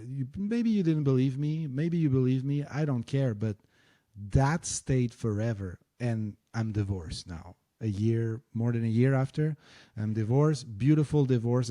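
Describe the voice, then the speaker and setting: A man guesting on a podcast, telling personal stories in an animated, candid way, repeating words and swearing casually. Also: mid-range voice, normal speed. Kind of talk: candid conversational storytelling.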